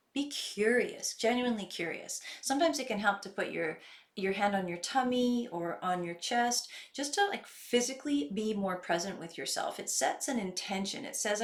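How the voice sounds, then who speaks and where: A woman coach talks through a self-help lesson in an earnest, reflective voice. Her pitch sits in an ordinary middle range, and she slows down to stress key ideas. The sound carries a noticeable room echo. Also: a bit bright. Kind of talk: instructional self-help talk. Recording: echoey room.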